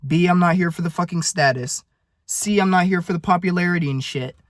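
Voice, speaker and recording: A nineteen-year-old vlogger rants straight to camera in a rambling, profane video diary, coming across earnest and blunt. His voice is a little high for a man and a little fast, recorded close and dry with no echo or room sound.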